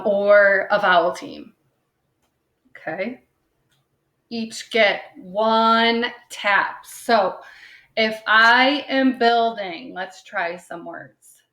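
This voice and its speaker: Woman, primary school teacher, unhurried, patient, checks in constantly, recorded in an echoey room. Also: mid-range voice, fairly bright tone. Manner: patient, checks in with "okay?" after most points; sounds words out slowly, tapping syllables. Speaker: second grade teacher. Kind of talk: recorded phonics lesson for young children. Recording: roomy echo.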